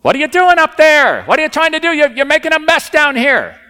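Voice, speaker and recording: Shrill, fed-up homeowners bellow upward, as a preacher puts them on, the pitch flying high above his normal voice. They sound loud and exasperated, and the voice swings wildly up and down. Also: sing-song, brisk, big-room sound, exaggerated voice. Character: indignant homeowners shouting up at the roof.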